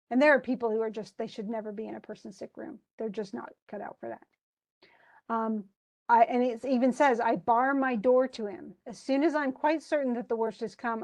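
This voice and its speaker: A woman's voice: a little high, a little mellow. A woman teaching a literature class, chatting about a play and reading lines aloud with frequent laughs. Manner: chatty, reads quotes aloud, laughs often.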